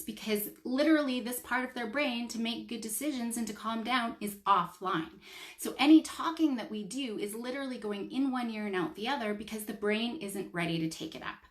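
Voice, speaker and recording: A woman's voice: a little high, echoey room. A woman with a Canadian accent, a child psychologist coaching parents in a casual talk, explaining step by step and checking in with "right?".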